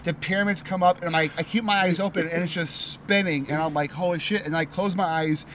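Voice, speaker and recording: A man's voice: a little high, fairly even intonation, a little fast, a bit bright, slight background noise. Rambling man telling a wild story. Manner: rambling, swearing, many likes. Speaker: podcast guest. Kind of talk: casual storytelling.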